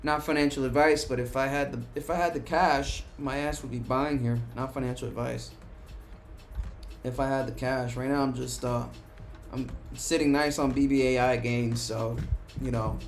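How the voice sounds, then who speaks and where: A man hosting a live stock market stream, talking excitably and with plenty of profanity, swinging between cheering and panic as prices move. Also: medium pitch, normal speed, faint music behind. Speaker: stock market livestream host.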